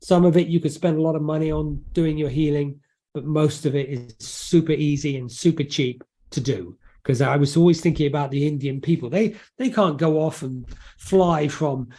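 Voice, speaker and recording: A man, an author explaining his ideas in an animated, joking way with frequent restarts and asides. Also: fairly high pitch. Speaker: author and guest. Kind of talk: casual interview explanation.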